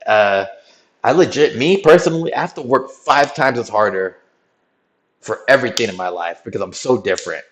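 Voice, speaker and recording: A man on a stream recaps a story casually, rambling, full of slang and repeatedly asking "right?" His voice is mid-range and he talks a little fast.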